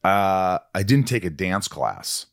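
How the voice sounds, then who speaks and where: Low-voiced man, rambling host. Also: sing-song, slow, gravelly. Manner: rambling storyteller, swears casually. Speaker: podcast host and actor. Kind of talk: casual interview chat.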